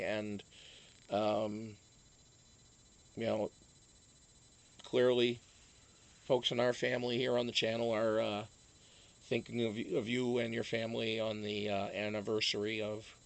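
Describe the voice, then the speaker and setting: Gravelly, slow-talking New man. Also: mid-range voice, fairly bright tone. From Massachusetts. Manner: rambling, many fillers and restarts. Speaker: live-stream host. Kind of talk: casual live-stream chat.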